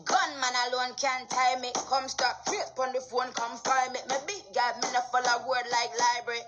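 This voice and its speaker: A woman's voice: high voice, flat delivery, normal speed, over music, pitched above the performer's own voice, lightly acted. A woman voicing a brash, boastful Jamaican party girl who chants rhythmic lines in patois.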